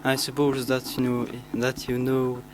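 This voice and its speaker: Teenage boy, halting speech, plain mid pitch, humming noise in the background. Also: monotone. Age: teens. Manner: halting, many restarts and fillers. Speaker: student. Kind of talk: self-introduction to pen pals.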